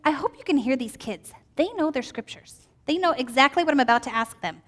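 High-voiced woman teaching a children's lesson. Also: expressive, brisk, a bit bright. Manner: upbeat, quizzing children with questions.

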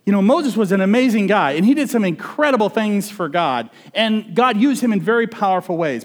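High-voiced male pastor preaching conversationally. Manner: conversational, asks the congregation questions. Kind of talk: sermon.

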